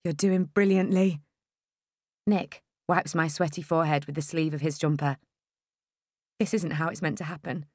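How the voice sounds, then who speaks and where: Female audiobook narrator, wry expressive first-person read, lower register. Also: moderate pace, dry recording, clean studio sound.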